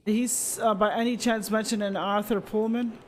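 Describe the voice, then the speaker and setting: A man's voice: high voice, fairly even intonation, brisk, slight background noise, natural voice. A man reading the lines of a curious young French woman in a game, asking questions plainly. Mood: inquiring.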